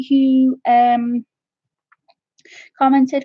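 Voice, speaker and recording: A woman's voice: sits high, flat delivery, slow pace, darkish tone, dry recording, highs cut off. A woman from North Wales with a Welsh accent hosts a craft live stream, chatting casually and calling her viewers "my love".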